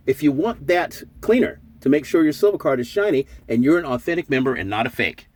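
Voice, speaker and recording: A man's voice: medium pitch, expressive, a little fast, hardly any pauses, no room sound. A man hosting a casual vlog, telling a jokey made-up story and laughing as he acts out the dialogue. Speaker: silver stacking channel host.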